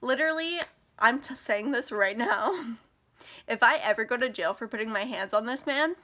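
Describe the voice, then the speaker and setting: A woman's voice: a little high, normal speed, pushed and bright. A woman in her twenties talking to camera in a personal vlog, upset and angry, ranting and close to tears. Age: 20s. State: emotional, close to crying. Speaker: vlogger.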